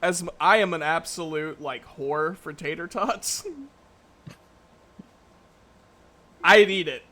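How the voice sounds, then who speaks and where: A man's voice: on the high side, slow pace, pauses often, sharp tone. A man running a tabletop game as dungeon master, joking and laughing often in casual chat.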